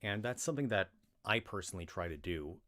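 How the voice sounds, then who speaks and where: A man's voice: on the low side, animated, fast, pushed and bright. An American man chatting casually on his livestream, rambling with many restarts and fillers. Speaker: livestream reader.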